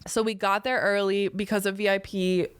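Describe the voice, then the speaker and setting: A woman in her thirties chats as a podcast guest, spinning an animated, profane story and acting out the lines people said. Her voice sits in a middle register. The recording is dry and close, with no room sound. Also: medium pitch, normal speed, smooth, dry recording. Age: 30s. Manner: animated storyteller, swears freely, acts out quotes. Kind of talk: casual chat.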